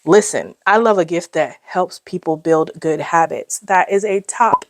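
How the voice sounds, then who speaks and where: A woman's voice: fairly low pitch, a little slow. A woman in a casual vlog, chatty and gushing, reviewing a savings book and calling her viewers y'all and babes. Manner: gushing, excitable, squeals over cute pictures. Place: indoors at home.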